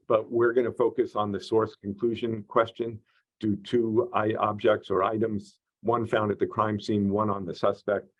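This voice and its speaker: Low husky male lecturer. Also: muffled recording. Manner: measured, explanatory, frequent "uh" and "um" fillers. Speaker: course instructor. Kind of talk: online lecture.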